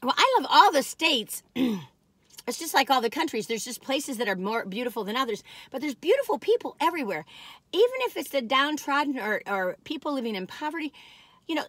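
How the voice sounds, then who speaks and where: A woman's voice: high voice, sing-song, brisk, a bit bright, dry recording. A woman vlogger chatting from inside a car, folksy and rambling as she reviews cookies. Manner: folksy and chatty, drifts off topic. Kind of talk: rambling casual chat. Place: parked car.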